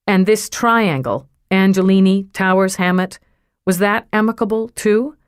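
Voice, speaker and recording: A woman's voice: medium pitch, a little slow, clean tone, dry recording, clean studio sound, lightly acted. A woman voicing a blunt, guarded police lieutenant who speaks shortly and testily, in an audiobook. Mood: curt, testy. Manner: short, testy, curt. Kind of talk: audiobook character reading.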